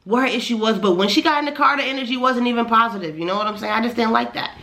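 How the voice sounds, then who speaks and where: Bright-voiced woman telling a slangy story. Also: a little high, racing. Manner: animated, swearing, slangy, repeats "you know what I'm saying". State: annoyed. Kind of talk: casual storytime monologue.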